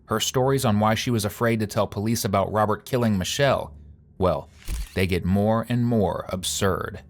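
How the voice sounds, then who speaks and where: A man's voice: on the low side, normal speed. A man giving dry, wry scripted true-crime narration.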